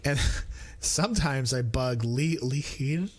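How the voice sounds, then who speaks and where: Slow, distracted man streaming a game. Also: mid-range voice. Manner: distracted, thinking aloud and mumbling asides mid-sentence; self-mocking and playful. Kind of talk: casual live-stream chat while playing.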